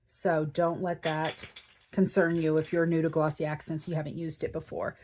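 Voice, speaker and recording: Woman doing a craft tutorial, kinda low voice, just chatting thru it as she works. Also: moderate pace, darkish tone. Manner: chatty, thinks aloud while working. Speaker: crafting channel host.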